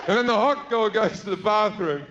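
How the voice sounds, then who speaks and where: On a theater stage in front of a crowd, a thirty-something Australian comic with a fairly high voice performs a stand-up story. He flips from narration to characters in quick bursts, shouting and muttering, and the audio is a bit dull with faint noise beneath.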